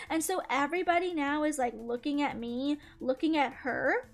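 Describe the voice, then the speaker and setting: A young woman channel host chatting through a casual storytime while drawing, quick and full of "like". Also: high voice, vocal fry. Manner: chatty, fillers of "like", quick retelling with laughs.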